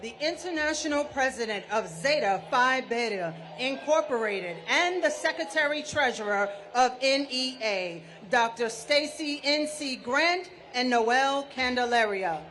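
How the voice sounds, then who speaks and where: A woman's voice: high voice, animated, measured pace, few pauses, background noise. A woman emcee formally introducing speakers at an outdoor rally. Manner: formal, announcing.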